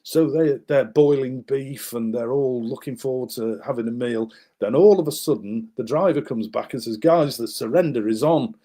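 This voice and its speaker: A male guest author animatedly tells a wartime story while showing maps, acting out the people in it and using many fillers and restarts. His voice is medium-pitched at a normal speed, with hardly any pauses.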